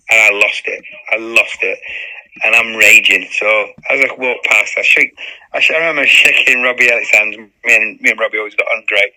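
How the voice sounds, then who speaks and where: Forceful, animated male storyteller. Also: medium pitch, low-quality recording. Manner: lively storyteller who acts out quotes and swears freely. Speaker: former footballer and interview guest. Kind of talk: anecdote-telling interview chat.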